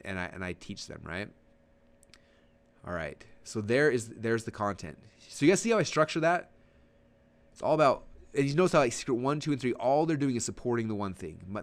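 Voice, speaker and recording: A man teaching a webinar on sales in an energetic, rapid-fire manner, often restarting his sentences. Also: on the low side. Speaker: online marketing coach.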